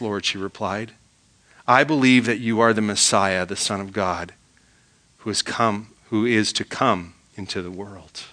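A male pastor's bright, ringing voice sits slightly high for a man. During a sermon he reads verses aloud and then explains them by turning questions back on his listeners.

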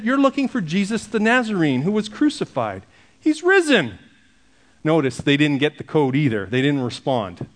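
A middle-aged man preaching to his congregation in a relaxed, conversational way. He teases his listeners with light jokes before turning to read and explain a passage of scripture. His voice sits notably high for a man. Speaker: pastor. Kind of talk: sermon.

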